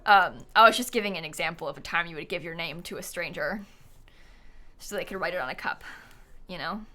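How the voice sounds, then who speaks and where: A woman's voice: fairly low pitch, brisk, sharp tone. A woman from the United States live-streaming a game, chatting casually and rambling, often laughing and answering her chat.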